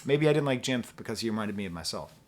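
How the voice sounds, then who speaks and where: A middle-aged East Coast American man gives a casual album review, rambling through joking asides and humming the melodies. His voice is lowish and expressive, and he talks at a quick pace.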